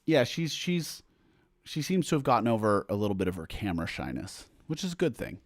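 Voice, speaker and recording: In a room at home, a man hosts a casual livestream for his supporters, reading viewer comments aloud and rambling chattily, interrupting himself with fillers and restarts. His voice is on the low side, very animated and a little fast, recorded dry with clean studio sound.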